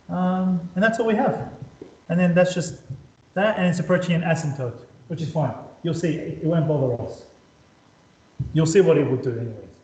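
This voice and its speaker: This calculus tutor has a darkish voice on the high side, recorded in an echoey room. Drawing on the whiteboard, he repeats words as he goes and keeps firing questions at his student.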